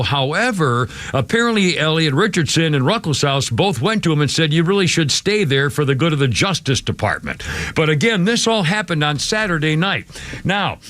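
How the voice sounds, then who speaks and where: An older man hosts a political talk radio show, his voice a touch high. He rambles through stories, chuckling, then turns indignant. The studio sound is dry and close. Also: fairly bright tone, dry recording. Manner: rambling, indignant, laughs while telling stories. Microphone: studio microphone.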